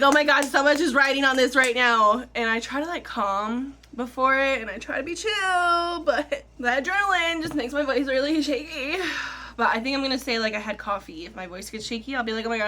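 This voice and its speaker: A woman's voice: high-pitched, bright, forceful tone. A young woman vlogging casually to camera at home, chatty and self-deprecating, nervous before a job interview. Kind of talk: casual vlog chat to camera.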